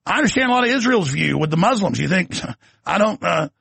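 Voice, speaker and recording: Gravelly, emphatic male talk host. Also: sits high, lively intonation, brisk, fairly bright tone, no room sound. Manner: emphatic, ranting, sardonic asides. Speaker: political talk show host. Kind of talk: talk show monologue.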